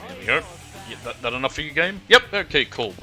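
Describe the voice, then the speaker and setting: A man streaming a game, joking and talking back to it in casual commentary. His voice is bright and forceful and leaps around in pitch. Faint game music plays behind him. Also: sing-song, quick pace.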